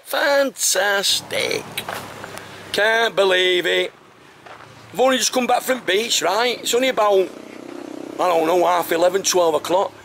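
An enthusiastic Englishman with an English accent and a fairly high voice talks chattily while filming himself on a tropical trip. The camera audio carries clear outdoor noise. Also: moderate pace, a bit bright. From England. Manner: chatty, enthusiastic, keeps saying fantastic. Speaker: travel vlogger. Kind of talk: casual handheld travel vlog. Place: outdoors on a tropical island, beaches and roadside.

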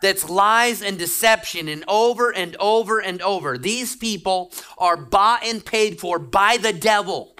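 A middle-aged man preaches a sermon with urgent, emphatic exhortation. His voice is bright and forceful, pressing each point home as a pastor. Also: high-pitched, unhurried, few pauses, clean tone.

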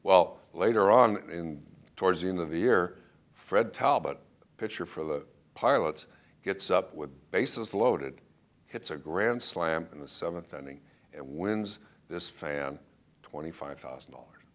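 Give me a very low-voiced man recalling an old game, halting and plain. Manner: plain, hesitant recollection. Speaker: former ballplayer. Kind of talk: storytelling interview.

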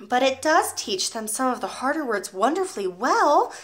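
A gentle young teacher from a storybook, voiced by a woman reader. She speaks softly and pleads for a child's sake in a raised, anxious voice. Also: high voice, sing-song, normal speed, voice pushed up. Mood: pleading. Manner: soft, pleading.

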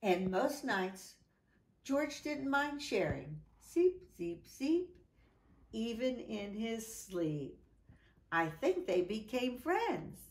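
A woman reads a children's picture book aloud, slow and sing-song, with bursts of exclamation. Her voice sits a little high. The room around her sounds echoey. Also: very animated. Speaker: children's story reader.

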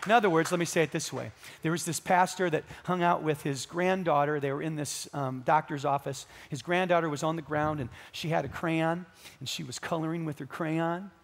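A male pastor with a Southern Californian accent preaching a sermon in a large church, swinging between loud, fervent stretches and soft, hushed ones. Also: on the high side, steady tone, normal speed. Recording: echoey church hall with long reverb.

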